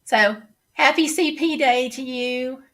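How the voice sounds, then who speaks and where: This middle-aged woman, Southern-accented, hosts a relaxed livestream where she chats and reads viewer comments out loud, answering them. She takes it slowly, her high voice carrying a fairly bright tone.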